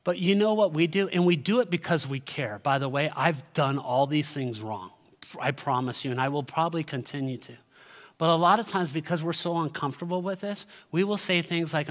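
A man's voice: on the high side, brisk. A man giving a sermon as a pastor, earnest and direct, building to emphatic peaks. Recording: long hall reverb.

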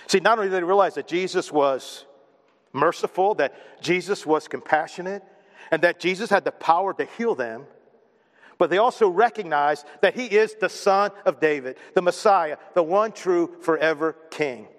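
High-voiced preacher in a reverberant hall. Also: male voice, moderate pace. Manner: emphatic, builds with repeated phrases. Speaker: pastor. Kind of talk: sermon.

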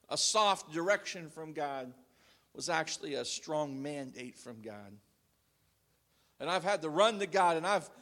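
Preaching in a fairly high voice, this pastor lurches between booming declarations and hushed, confession-like asides.

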